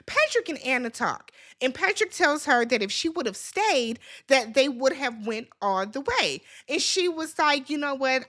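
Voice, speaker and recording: A high-pitched woman talks through a reality TV recap in a loose, chatty way. She is blunt and sassy, and she scolds the people on the show directly. Her voice sits well above most women's. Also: a bit bright.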